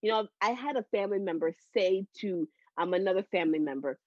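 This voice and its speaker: Woman in her thirties, podcast guest, heartfelt storytelling, frequent laughs, middle pitch, dry dull lo-fi sound. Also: fast talker, hardly any pauses, no room sound. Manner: animated and heartfelt, laughs often between phrases. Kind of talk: candid personal storytelling. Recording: dull, slightly lo-fi dry audio.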